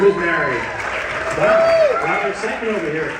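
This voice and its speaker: A male stand-up comedian jokes at his own expense and chats with the crowd, his voice slightly high for a man. He is heard from a distance in a very echoey ship's theater, with clear audience noise behind him. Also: huge pitch swings, moderate pace. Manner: self-deprecating, chatty with the crowd. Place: cruise ship theater.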